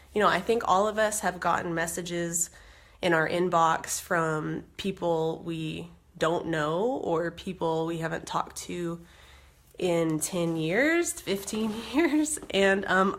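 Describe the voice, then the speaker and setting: A woman in her thirties chats casually into her phone or webcam on a live video. She speaks at an easy, slow pace with plenty of ums. She sounds slightly congested from a lingering cold. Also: lowish voice, fairly bright tone. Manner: chatty, lots of ums and asides to viewers. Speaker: direct sales consultant.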